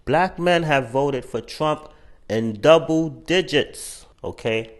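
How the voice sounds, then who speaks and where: A man hosting a channel, giving measured, news-style commentary and citing figures. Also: on the high side. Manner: measured, matter-of-fact, cites figures.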